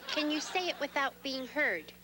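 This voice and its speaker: A bossy, scheming girl puppet, voiced by a woman, very high and bright, her voice swooping as she gives orders. A faint hum sits under the recording. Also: expressive, moderate pace. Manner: bossy and manipulative. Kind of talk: puppet show acting.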